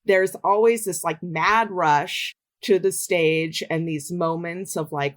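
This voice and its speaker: A middle-aged woman, a dance adjudicator and studio owner, giving measured advice as a podcast guest. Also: on the low side. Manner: measured, advisory.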